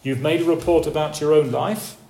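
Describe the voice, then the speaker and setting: A man preaching a sermon, slow and measured, building emphasis through repetition. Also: on the high side, fairly even intonation, vocal fry, darkish tone, roomy sound.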